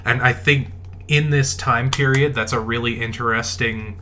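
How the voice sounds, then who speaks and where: Guy cohost on a movie podcast, bright voice, kinda hesitant, lots of likes. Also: mid-range voice, steady tone, normal speed, slight background noise. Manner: hesitant, many fillers and restarts. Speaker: podcast co-host. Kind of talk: casual film podcast chat.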